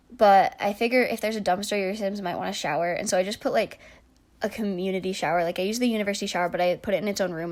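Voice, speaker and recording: Casting: young woman, casual rambling game commentary, mid-pitched, many fillers and muttered asides. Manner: chatty, rambling, many likes and restarts, trailing soft asides. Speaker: game build YouTuber.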